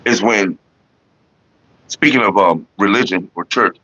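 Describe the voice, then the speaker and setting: Husky guy rambling on his morning stream, greeting chat, kinda muffled lo-fi sound. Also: on the low side, a little slow, sharp tone. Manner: loose storytelling, greets chat viewers. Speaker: livestream host. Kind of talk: casual livestream chat. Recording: dull lo-fi stream audio.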